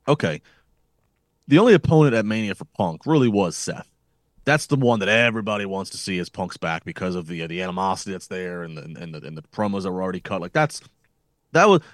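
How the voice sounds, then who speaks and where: A man's voice: fairly low pitch, no echo, clean studio sound. A man co-hosting a wrestling podcast, thinking aloud in casual chat with frequent restarts. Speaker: podcast co-host.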